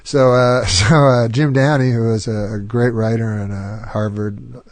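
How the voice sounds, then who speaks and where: A man's voice: mid-range voice, fairly even intonation, unhurried, dry recording. A man telling rambling showbiz anecdotes in a casual chat, laughing often and slipping into voices when quoting people. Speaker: comedian guest.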